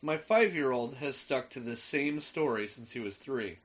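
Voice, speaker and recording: A man's voice: mid-range voice, expressive, normal speed, husky, muffled recording. A man co-hosting a casual chat podcast, talking in a hesitant way with frequent restarts and dry remarks. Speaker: podcast co-host.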